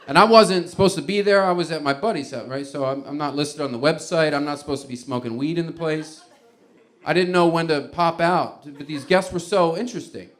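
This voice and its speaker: A male stand-up comedian spins a loose, rambling story from a comedy stage. His voice sits a bit high for a man. He often chuckles and trips over his own restarts. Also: a bit bright.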